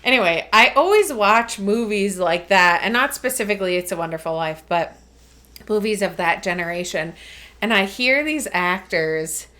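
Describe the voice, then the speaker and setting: A woman's voice: medium pitch, expressive, normal speed, bright, forceful tone. A woman co-hosting a podcast, explaining a topic in casual chat with lots of ums and frequent laughter. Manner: chatty, laughs often, explains with many ums. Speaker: podcast co-host.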